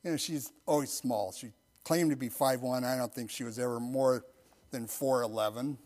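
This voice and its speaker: A middle-aged man, a pastor, telling a personal story in a sermon and then leading a slow, earnest prayer, often dropping to a hushed voice. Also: medium pitch. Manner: soft-spoken, intimate storytelling that drops to near-whispers.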